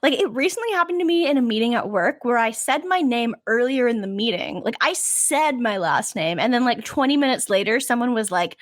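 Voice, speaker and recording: A woman with a high, bouncy voice co-hosting a casual podcast. She tells stories in a lively way, laughing and swearing as she goes. The sound is dry and close. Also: fairly quick, hardly any pauses, no room sound. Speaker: podcast co-host. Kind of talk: casual chat.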